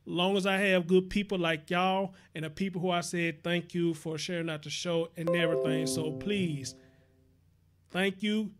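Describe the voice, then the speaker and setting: A young man hosting a casual livestream, chatty and earnest, reading viewer comments and giving shout-outs. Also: high-pitched, fairly even intonation, moderate pace, over loud music. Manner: earnest preaching tone on serious topics. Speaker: livestream show host.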